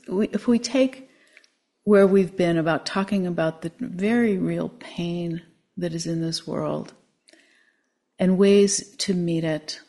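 A woman meditation teacher giving a dharma talk, gentle and reflective with frequent pauses. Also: fairly low pitch.

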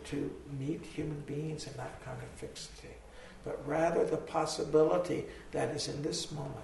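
A hoarse man giving a slow, reflective dharma talk to a group, pausing as he thinks. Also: on the high side, a little mellow. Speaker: meditation teacher. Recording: echoey hall from far off, faint noise.

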